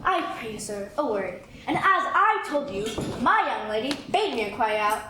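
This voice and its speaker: A woman's voice: fairly high pitch, sing-song, normal speed. A woman acting a rambling, complaining old female nurse in a live stage play. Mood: fussing. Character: fussy, long-winded old female nurse. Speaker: stage actor. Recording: echoey hall, noisy audience recording.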